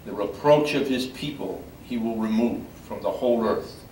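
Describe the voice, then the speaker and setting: An older man, a priest, reading scripture in a measured, solemn way at a memorial service. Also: fairly low pitch, a little mellow. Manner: measured solemn reading, halting when speaking freely. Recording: echoey room from far off, faint background noise.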